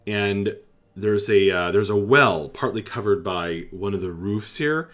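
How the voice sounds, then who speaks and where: A man narrating a tabletop game as game master, slowly, with many pauses and fillers. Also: lowish voice, fairly bright tone.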